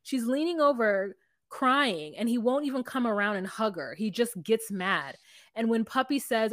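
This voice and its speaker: A woman's voice: a little high, normal speed, no echo, studio quality. A woman co-hosting a podcast, recapping reality TV in casual chat and acting out quotes with animation. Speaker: podcast co-host.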